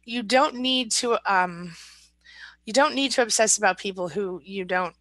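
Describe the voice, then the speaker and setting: Forties woman, support-coach host on a live stream, bright and pointed tone, reassuring and chatty, dry sound. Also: mid-range voice, a little slow, dry recording, low-quality recording. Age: 40s. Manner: reassuring, chatty, frequent restarts and fillers. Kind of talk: live stream chat reading viewer comments.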